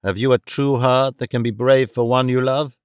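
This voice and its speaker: A man's voice: medium pitch, fairly even intonation, smooth, dry recording, clean studio sound, lightly acted. Stately middle-aged queen of fortune, ominous and imperious, read by a man. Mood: stern, ominous. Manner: slow, grave, commanding. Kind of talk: audiobook reading.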